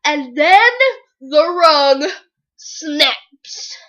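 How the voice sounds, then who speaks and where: A young woman giving an excited, gushing book review in a casual, dramatic way. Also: sits high, extremely slow. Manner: gushing, dramatic, very animated retelling.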